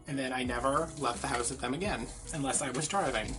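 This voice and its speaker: A man's voice: medium pitch, a little fast, music in the background. A man, telling a gossipy story in a casual, chatty way while he crafts. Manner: chatty, gossipy, heavy use of filler words. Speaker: crafting vlogger.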